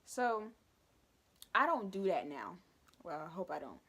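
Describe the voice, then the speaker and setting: A young woman telling a school story for her vlog, animated and dramatic with lots of asides. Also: on the low side, a little slow, breathy edge. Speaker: vlogger.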